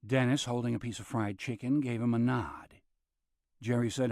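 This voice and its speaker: A man narrating a thriller audiobook, shifting his pitch as he voices different characters. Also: fairly even intonation, normal speed, darkish tone, no room sound, studio quality. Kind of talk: scripted narration.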